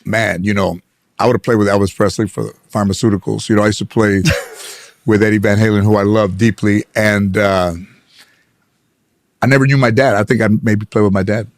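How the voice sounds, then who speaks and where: A middle-aged man, a guest comedian, telling stories in an animated, laughing way during a casual chat. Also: fairly low pitch, fairly quick, dry recording, studio quality. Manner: animated storyteller, bursts of laughter.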